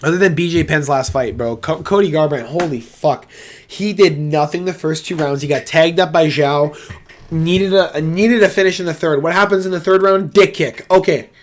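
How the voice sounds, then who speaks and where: Brief: young male host, somewhat high voice, cursing, bursts loud then drops to mutters, casual monologue. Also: moderate pace. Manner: profane, excitable, swings from loud outbursts to muttering. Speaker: MMA reaction host. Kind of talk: casual fight breakdown monologue.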